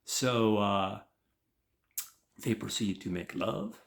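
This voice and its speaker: Low-voiced man rambling through a recap. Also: slow pace, vocal fry. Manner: rambling, heavy on fillers. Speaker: podcast host. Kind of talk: casual episode recap.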